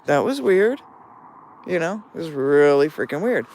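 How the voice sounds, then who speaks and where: A man on a late-night walk outdoors, telling a story in a casual, animated way, swearing freely and laughing, recorded on a phone. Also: fairly high pitch, unhurried, slight background noise. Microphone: phone held while walking.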